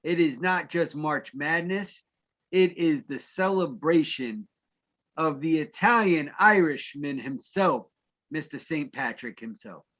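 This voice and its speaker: A man's voice: on the high side, lively intonation, takes it slowly, fairly bright tone. A man hosting a live sports talk show, bantering with his co-host in a playful, mock-formal way.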